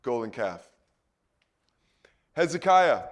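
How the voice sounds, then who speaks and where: Man teaching the Bible, slightly high voice. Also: measured pace, pauses often, a little hiss or hum. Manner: informal, asides, keeps checking "okay?".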